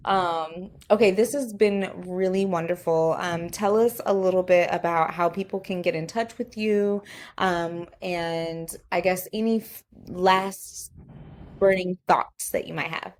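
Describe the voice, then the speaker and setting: A woman's voice: on the low side, fairly even intonation, unhurried, darkish tone. A woman co-hosting a podcast, asking questions and affirming her guest with frequent "mm-hmm" and "yeah". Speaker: podcast co-host. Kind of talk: casual podcast chat.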